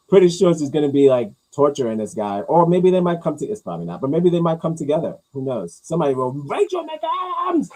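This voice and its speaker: Husky, rambling podcast host. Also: male voice, very animated, normal speed, poor audio. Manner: rambling, jokey, swings loud and high for bits. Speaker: podcast host reading comments. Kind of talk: casual riffing commentary.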